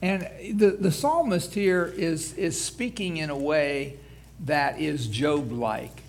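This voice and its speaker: A man's voice: on the high side, slow pace. A man pastor preaching a sermon, reading scripture aloud with rising emphasis and frequent restarts.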